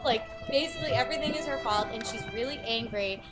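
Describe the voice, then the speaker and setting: High-voiced woman co-hosting a recap chat. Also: fast, hardly any pauses, loud music behind the voice. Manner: laughs often, acts out quotes. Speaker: podcast co-host.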